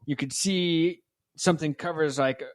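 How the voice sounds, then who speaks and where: Podcast co-host, male, slightly high voice, dry close sound, rambling profane storyteller. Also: unhurried, no echo. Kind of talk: casual chat.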